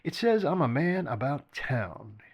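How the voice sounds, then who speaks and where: A sly old barfly, put on by a man reading a story aloud, smooth but raspy from his cigars. He drawls with crude, mocking familiarity, and his pitch leaps and dips lively. He is an older man with a taste for brandy. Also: unhurried, lo-fi sound. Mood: expansive.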